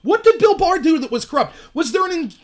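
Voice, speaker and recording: A man's voice: big pitch swings, a little fast. A man hosting a solo political commentary livestream, ranting emphatically and mocking opponents while reading out chat messages. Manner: sarcastic, mocks opponents in high shrill voices; reads and answers live chat.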